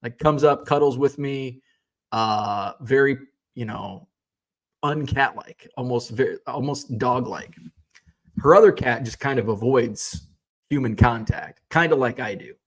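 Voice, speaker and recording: A man in his thirties hosting a casual livestream, reading viewer comments aloud and chatting in a relaxed, rambling way, with lots of fillers and restarts, a little tired. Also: mid-range voice, unhurried. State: yawning, tired. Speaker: card-collecting livestream host.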